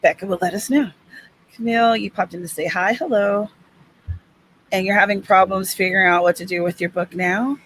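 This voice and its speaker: A woman hosting a casual writing livestream at a middle pitch, chatty and easygoing. She reads viewer comments aloud and adds little asides as she goes. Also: fairly even intonation, a little fast, a bit bright, slight background noise, poor audio. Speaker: host.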